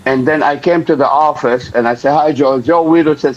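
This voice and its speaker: A man's voice: medium pitch, normal speed, slight background noise. An older man telling a story in an interview, acting out the voices of the people in it. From Lebanon. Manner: animated, acts out the voices of people in his story. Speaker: interview guest. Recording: dull lo-fi recording.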